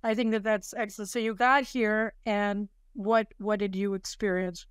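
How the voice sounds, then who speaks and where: Woman host with a very clear voice. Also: medium pitch, steady tone, moderate pace, no echo, studio quality. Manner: probing, with short restarts. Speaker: interview host. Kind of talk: conversational interview questions.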